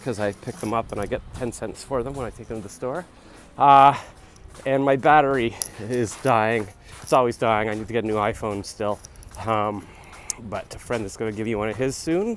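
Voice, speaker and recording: A man in his forties talks casually into a phone camera as he jogs along a city street, rambling and self-deprecating. His voice is middle-pitched. Faint street noise sits behind him. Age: 40s. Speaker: vlogger. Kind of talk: casual rambling vlog while jogging. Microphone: phone camera held while jogging.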